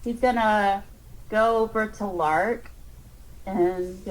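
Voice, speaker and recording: A woman's voice: medium pitch, moderate pace, rough recording. A woman playing a tabletop game, joking and rambling playfully as she describes her character's actions. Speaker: player. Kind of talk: tabletop role-play.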